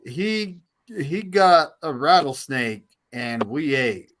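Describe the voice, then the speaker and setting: A man tells a story to friends in an easygoing, conversational way. His voice sits a little high, and he keeps it relaxed and matter-of-fact. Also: slow pace, a little hiss or hum. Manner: easygoing anecdote teller. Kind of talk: casual chat.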